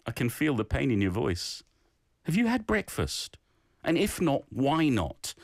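Male radio host, playful and encouraging, animated delivery, dry close studio sound. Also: mid-range voice, unhurried, vocal fry, no echo. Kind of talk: hosting a radio language segment.

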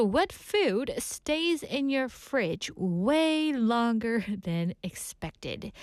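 A woman's voice: fairly high pitch, dry recording. A young woman hosting a bilingual radio show as DJ. She is bubbly and chatty and talks straight to her listeners in a studio. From Korea. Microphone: studio microphone.

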